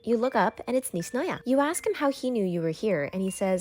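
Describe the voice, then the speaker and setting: A woman's voice: medium pitch, expressive, fast, few pauses, a little mellow, soft background music. A woman narrating a fan scenario in the second person, plainly telling the listener what happens. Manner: plain storytelling, addressing the listener as you.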